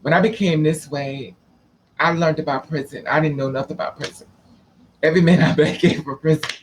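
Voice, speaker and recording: A man's voice: on the high side, fairly even intonation, a little fast, a little hiss or hum. A man telling stories in a sassy, camp, dramatic way, acting out the people he quotes. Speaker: storyteller. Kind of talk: casual storytelling monologue.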